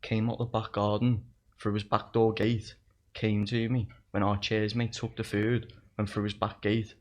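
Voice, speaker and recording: A man's voice: on the low side, little pitch movement, moderate pace. A young man, telling stories in casual chat, swearing and laughing along with himself. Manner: swearing, laughing through his own stories. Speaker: podcast guest.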